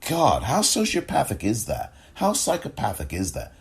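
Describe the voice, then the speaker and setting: A man giving impassioned political commentary, angry and sarcastic, often rising in pitch as he rants. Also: wildly swooping pitch, moderate pace.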